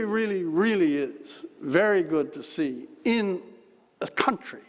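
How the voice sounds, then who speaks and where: At a dinner in a large banquet hall, a keynote speaker from Newfoundland, Canada delivers an after-dinner speech of wry stories and dry jokes in a fairly high voice. The hall's reverb carries his words, and the audience laughs in the background.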